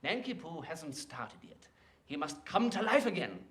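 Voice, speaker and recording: An actor playing a flustered Victorian comic actor in rehearsal, theatrical in manner. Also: male voice, fairly high pitch, big pitch swings, moderate pace, fairly bright tone, roomy sound. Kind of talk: period film acting.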